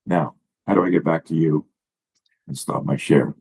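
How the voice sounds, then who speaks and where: Husky-voiced man coaching on a video call. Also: extremely low pitch, moderate pace, rough recording. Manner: blunt, profane, animated explaining. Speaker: self-defense coach. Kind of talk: presenting slides on a video call.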